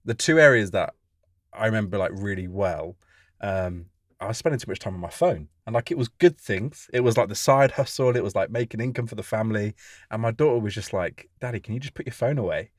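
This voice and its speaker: Low-voiced dad talking candidly. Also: male voice, brisk, no echo, studio quality. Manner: candid, reflective. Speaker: podcast co-host. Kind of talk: casual chat.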